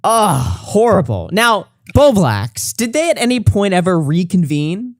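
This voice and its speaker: A man hosting a podcast in casual chat, animated and profane, reacting loudly to a story. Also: sits high, a little slow, no room sound, studio quality. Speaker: podcast host.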